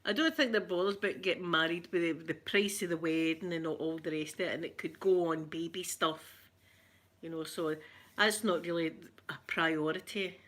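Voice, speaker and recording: With a lowish, slightly bright voice at a moderate pace, a middle-aged Scottish woman talks casually to her live viewers. As an ASMR livestream host, she greets them by name and often laughs.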